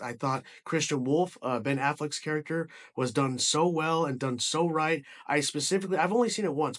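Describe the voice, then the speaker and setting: A man giving a casual movie review, rambling with frequent restarts and casual swearing. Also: on the high side.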